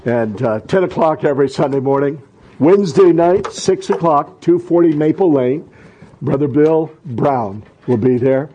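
A middle-aged male pastor preaching a sermon, fervent and repetitive, swelling into loud exhortation and stumbling into restarts during asides. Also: fairly high pitch, unhurried, dull audio, a little hiss or hum.

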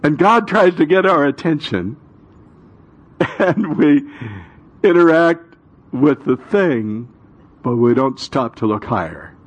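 A male pastor giving an animated sermon to a congregation, with rhetorical questions and dramatic pauses. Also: on the high side.

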